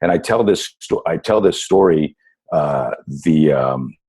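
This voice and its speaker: A man in his fifties with an extremely deep voice tells stories as a podcast guest. His voice is husky, and he talks in an animated way, full of fillers and restarts. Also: a little slow. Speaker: guest, self-defense instructor. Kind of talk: casual storytelling interview.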